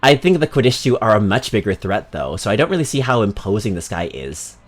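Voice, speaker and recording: A man's voice: on the low side, sing-song, fairly quick, soft background music. Rambling, crude joking male streamer. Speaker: video game streamer. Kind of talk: casual let's-play commentary.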